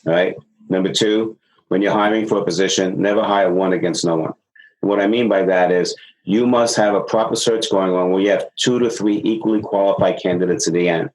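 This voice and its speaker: A man's voice: deep voice, a little fast, low-quality recording. A middle-aged man, a sales consultant being interviewed, explaining ideas with energy and acting out dialogue from stories. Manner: energetic, acts out quoted dialogue. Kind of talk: interview podcast conversation.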